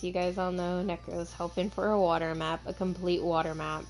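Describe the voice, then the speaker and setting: A woman streaming a dinosaur survival game, chatting excitedly and talking to her viewers. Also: fairly low pitch, moderate pace, soft background music. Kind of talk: casual gameplay chat.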